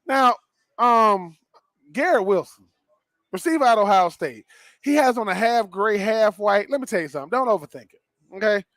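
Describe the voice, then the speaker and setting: Animated higher-voiced man in live sports talk. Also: normal speed, long pauses, dry recording. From Southern US. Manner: animated, playful, repeats himself, slangy. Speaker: co-host and former player.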